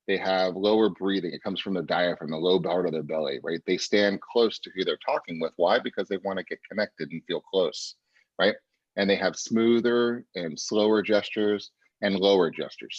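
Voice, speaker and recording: Husky-voiced male sales trainer. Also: deep voice, dry recording. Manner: energetic coaching, repeats "right?" and "pay attention", acts out client quotes. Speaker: real estate sales trainer. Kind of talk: training session over video call. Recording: muffled dry lo-fi audio.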